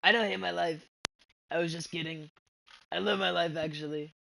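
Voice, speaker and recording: A man's voice: fairly high pitch, fairly even intonation, normal speed, gravelly, bright, forceful tone, slight background noise, exaggerated voice, low-quality recording. A man doing an impression of a brash, boastful famous politician while commentating a game. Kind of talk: gameplay commentary in a put-on voice.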